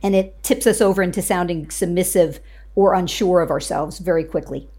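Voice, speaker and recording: A woman's voice: lowish voice, fairly even intonation, a little fast, mellow. A woman communication coach, a guest on a show, explaining tips confidently and laughing easily. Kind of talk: interview guest.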